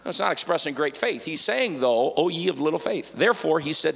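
A man preaching a lively, playful sermon to a church congregation, acting out worried voices for laughs. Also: on the high side, brisk, gravelly, hardly any pauses. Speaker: pastor. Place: church sanctuary. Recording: church hall with long reverb.

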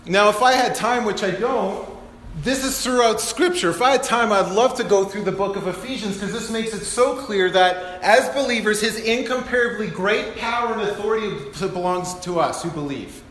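A man with a notably high voice preaches a lively sermon, acting out the Bible's speakers with energy and laughing at himself. His voice rings through a large hall with long reverb and a roomy echo. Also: moderate pace. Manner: animated, acts out Bible quotes, laughs at himself. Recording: echoey hall.

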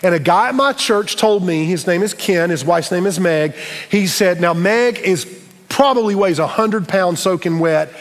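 A middle-aged pastor delivers his sermon like a story told to friends, chatty and funny. His voice sits high for a man, and a long reverb trails each phrase in a large hall. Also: moderate pace. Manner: storytelling, conversational, humorous asides.

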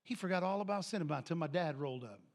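A middle-aged man preaching a sermon, animated and telling family stories. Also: on the high side, quick pace. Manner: animated, acts out family members' voices. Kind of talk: sermon with storytelling.

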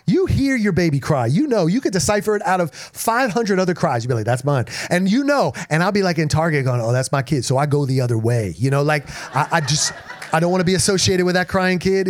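Male pastor, energetic sermon delivery with congregation call-outs, voice on the higher side. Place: church in front of a congregation.

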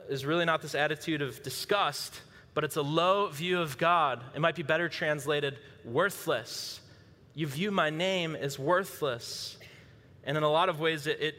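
Male pastor with a brightish, fairly high voice, relaxed conversational sermon, long reverb. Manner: conversational preaching with casual asides. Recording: long reverb of a large hall.

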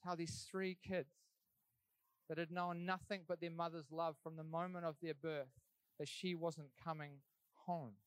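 A man's voice: a little high, little pitch movement, unhurried, smooth, no room sound. A young man telling his life story in an earnest, conversational way, as a church speaker giving testimony. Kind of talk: sermon testimony.

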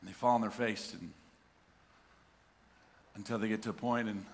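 A middle-aged man preaching a sermon, animated, acting out the voices of people talking to God. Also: fairly low pitch, moderate pace. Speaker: pastor. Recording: reverberant hall.

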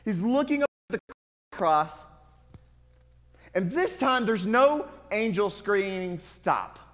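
A man preaching a sermon in an earnest, confessional way, moving from hushed to loud. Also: high voice, expressive, takes it slowly. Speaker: pastor. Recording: long hall reverb.

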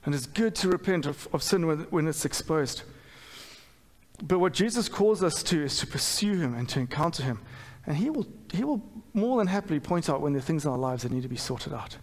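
A middle-aged man delivers a sermon in a fairly high voice. He talks candidly and pokes fun at himself, stumbling through restarts and fillers. His voice rings out with a long reverb in a church hall. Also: lively intonation, brisk. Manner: candid, self-deprecating, with frequent fillers and restarts. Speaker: pastor.

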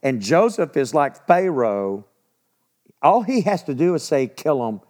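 A man's voice: a little high, very animated, unhurried, darkish tone. A man teaching a sermon in a conversational, emphatic way, repeating key points. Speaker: pastor.

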